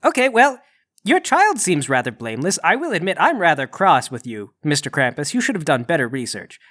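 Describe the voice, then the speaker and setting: A man's voice: fairly high pitch, huge pitch swings, a little fast, a bit bright. A man playing his character in a comedic tabletop game, speaking in an overly polite, formal way. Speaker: player.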